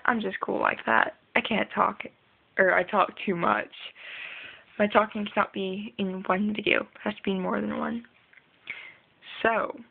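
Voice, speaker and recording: Rambly young woman vlogging, gravelly fry in her voice, phone-thin sound. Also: mid-range voice, narrow, tinny audio. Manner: chatty, rambling, frequent ums and laughs. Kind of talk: casual rambling video diary.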